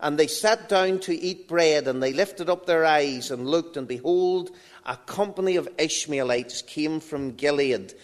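A man preaching a sermon in a church, reading scripture and dramatically acting out the voices of biblical figures. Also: a little high. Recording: long reverb of a large hall.

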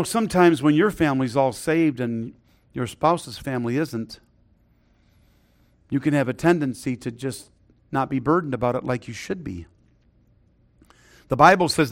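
A middle-aged male preacher delivers his sermon in a notably high voice. He is earnest, calling for amens, and often sinks to a hushed, softer tone when he tells a personal story. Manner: earnest, drops to a hushed voice for stories.

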